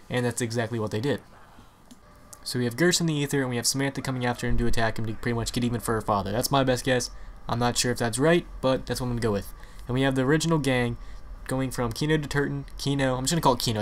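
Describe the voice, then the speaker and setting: A young man giving casual, rambling commentary on video game lore from home. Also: medium pitch. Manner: rambling, hedging, with frequent "pretty much" fillers.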